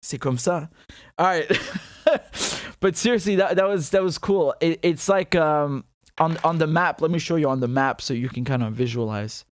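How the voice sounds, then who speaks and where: A man's voice: fairly high pitch, normal speed, no echo. A man hosting a casual livestream, talking loosely, laughing often and breaking into Arabic phrases. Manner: chatty, laughs often, mixes Arabic and English. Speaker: show host.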